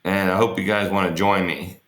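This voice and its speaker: A man's voice: low-pitched, fairly even intonation, a little fast, a bit bright, roomy sound. A man being interviewed, telling rambling, joking stories in a casual way and swearing freely. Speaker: interview guest. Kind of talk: casual storytelling on an online interview.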